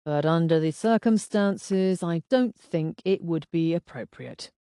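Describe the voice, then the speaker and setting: A woman reading the part of a calm, steady male police inspector who speaks in a measured, formal way. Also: a little high, smooth, no echo, clean studio sound. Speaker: detective inspector.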